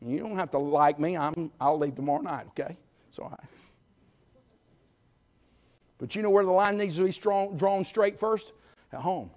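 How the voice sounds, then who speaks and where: A middle-aged man preaching a sermon in a church, folksy and emphatic, swinging between loud calls and quiet asides. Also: sits high, a little fast. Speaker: guest preacher. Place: church sanctuary.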